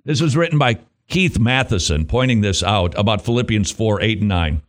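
Male radio host, lively rising and falling pitch, playful and joking, Christian talk show monologue. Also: moderate pace. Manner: jokey, animated, laughs often, playful asides.

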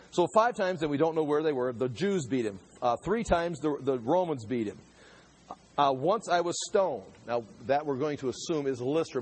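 A man preaching a casual Bible study, walking through scripture line by line and often stumbling and repeating himself as he works his way to the point. His voice sits fairly high for a man and has a husky, slightly rough edge. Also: a little mellow. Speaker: pastor teaching a Bible study. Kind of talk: conversational sermon teaching.

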